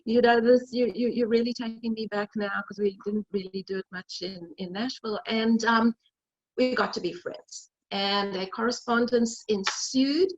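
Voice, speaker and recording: A middle-aged woman leads an informal cooking demonstration on a video call, chatting and spinning stories while she cooks. She speaks at normal speed in a voice on the high side with fairly even intonation and no echo. The call audio sounds dull and lo-fi.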